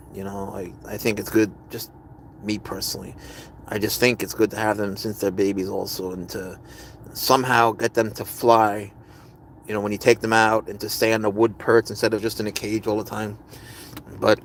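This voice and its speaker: A man's voice: lowish voice, slight background noise. Man rambling casually on a livestream. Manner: rambling, answers viewers' comments. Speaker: livestream host. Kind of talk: casual live-stream chat.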